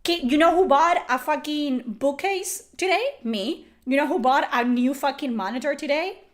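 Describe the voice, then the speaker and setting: Furious high-voiced woman ranting. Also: moderate pace. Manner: furious, profane, yelling. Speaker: YouTuber. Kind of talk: angry rant to camera.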